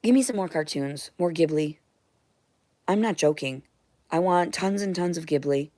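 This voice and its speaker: A young woman in a rambling, emotional monologue, blunt and profane, jumping between loud outbursts and hushed whispers. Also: lowish voice, moderate pace, no room sound. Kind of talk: rambling monologue to unseen listeners.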